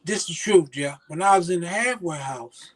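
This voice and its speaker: A man's voice: a little high, normal speed. An older man telling stories as an interview guest, acting out the voices of the people he quotes. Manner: animated, acts out quoted voices. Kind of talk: storytelling in casual conversation.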